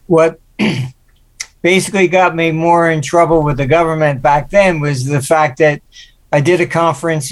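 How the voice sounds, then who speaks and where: Older man telling market war stories. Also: a little high. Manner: anecdotal, acts out quoted voices. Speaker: guest, market forecaster. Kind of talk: interview storytelling.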